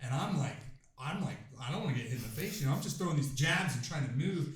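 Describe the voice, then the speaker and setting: A man in his twenties, a guest on a podcast, tells a story in a casual, profane, animated way and acts out the quoted lines. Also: fairly high pitch, quick pace. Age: 20s. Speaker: podcast guest, pro MMA fighter. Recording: roomy room, faint noise.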